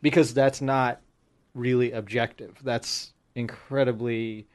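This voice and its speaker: A man's voice: medium pitch, steady tone, slow pace. Emphatic man agreeing in casual chat.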